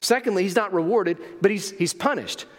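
Higher-voiced man preaching in a hall. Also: a little fast. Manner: emphatic, asks rhetorical questions. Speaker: pastor. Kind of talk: sermon.

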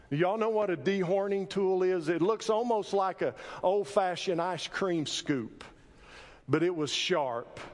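A man preaching a sermon, telling folksy stories with sudden loud emphasis. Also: sits high, in a large hall. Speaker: pastor. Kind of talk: sermon with personal storytelling. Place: church sanctuary.

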